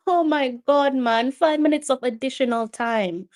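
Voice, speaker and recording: A woman's voice: high-pitched, measured pace, darkish tone. A woman with a Jamaican accent hosting a live watch-along of a football match. She gives emotional reaction commentary, pleads with the players and slips between Patois and English.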